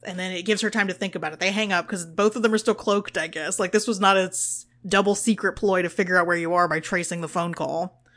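A woman's voice: on the low side, steady tone, quick pace, a bit bright. A woman co-hosting a podcast, recapping an episode in casual chat, sarcastic and swearing freely, acting out the characters' lines. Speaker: podcast co-host.

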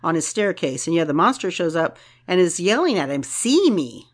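A woman co-hosting a podcast in casual recap chat, adding dry, quick remarks. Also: low-pitched. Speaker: podcast co-host.

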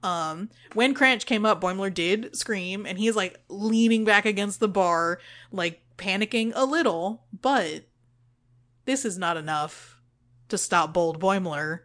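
A woman's voice: medium pitch, measured pace, fairly bright tone. Casual woman gushing over an episode. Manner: chatty, gushing, swears freely. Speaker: podcast co-host. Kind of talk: casual episode recap chat.

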